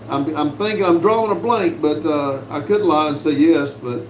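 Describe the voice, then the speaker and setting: A man from the United States hosting a casual livestream, reading viewers' messages aloud in a folksy, unhurried way with lots of "uh"s. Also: a little high, a little mellow, slight background noise. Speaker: livestream host reading chat. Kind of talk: casual live chat. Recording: roomy with faint background ambience.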